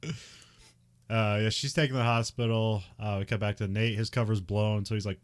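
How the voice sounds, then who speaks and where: A man's voice: fairly low pitch, steady tone, normal speed. Giggly man recapping a film. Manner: laughs often, many fillers. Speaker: podcast co-host. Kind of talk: casual chat, recapping a film.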